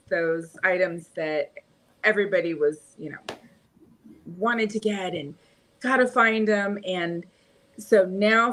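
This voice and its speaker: Casual Californian woman co-host, chatty and giggly, mid-range voice. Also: medium pitch. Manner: chatty, rambling, laughs often. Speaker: streamer and podcast co-host. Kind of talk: casual chat.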